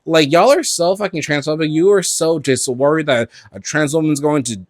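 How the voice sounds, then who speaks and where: A man hosting a podcast, talking casually about pop-culture news from home in front of his closet, animated and gossipy, swearing freely and filling his talk with "like" and "um". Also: fairly high pitch, normal speed, no echo, studio quality. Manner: animated, gossipy and profane, with frequent fillers. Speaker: podcast host.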